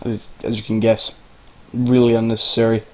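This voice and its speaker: A man's voice: on the low side, completely flat delivery, moderate pace, a little mellow, low-quality recording. A man narrating a casual game tutorial, rambling and informal, with the odd swear.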